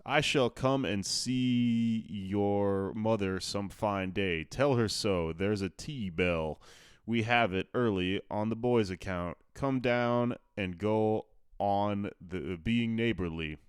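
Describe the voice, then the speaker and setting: A man reading the part of a gruff, sly old gentleman who speaks abruptly, with little change to his own voice. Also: fairly low pitch, takes it slowly, no echo, clean studio sound. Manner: abrupt, brusque.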